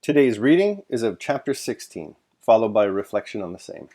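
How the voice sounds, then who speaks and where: Low-voiced male audiobook narrator. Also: very animated, fairly quick, warm tone. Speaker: host and reader.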